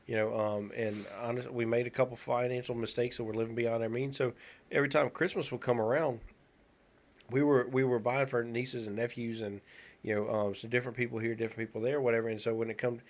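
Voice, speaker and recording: A man's voice: medium pitch, fairly even intonation, fast. Rambling man telling a story. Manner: rambling storyteller with many restarts. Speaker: podcast co-host. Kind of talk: casual chat.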